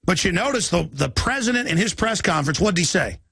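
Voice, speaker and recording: A man's voice: high voice, expressive, fast talker, gravelly, sharp tone, slightly rough, no room sound, studio quality. A man hosting a radio talk show, delivering a fiery political monologue, ranting and mocking opponents. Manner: ranting, mocking, shifts into impressions.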